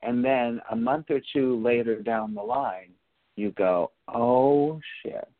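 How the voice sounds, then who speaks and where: A man delivers a reflective spiritual teaching, speaking deliberately and repeating phrases for emphasis. His pitch is medium, and the recording is dry with no echo and a narrow, phone-like sound.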